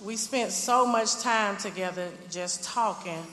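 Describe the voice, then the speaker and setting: A woman's voice: mid-range voice, unhurried. A woman, a mother, giving earnest personal testimony about her son, often repeating herself. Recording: echoey hall with heavy noise.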